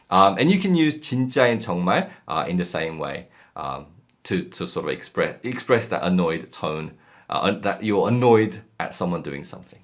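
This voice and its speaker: Male language teacher, low voice with lively swings, loose and chatty with lots of fillers. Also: fairly quick. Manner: relaxed, many ums and uhs, acts out example phrases. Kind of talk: casual explanatory lesson.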